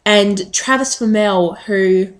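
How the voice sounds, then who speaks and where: A woman's voice: medium pitch, slow pace. Chatty woman vlogging. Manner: chatty, rambling, frequent ums. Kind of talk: casual chat to camera.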